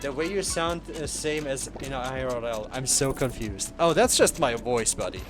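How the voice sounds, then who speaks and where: A man's voice: mid-range voice, normal speed, loud music behind the voice. A man live-streaming a game, joking and laughing as he talks to his chat in a playful, casual way.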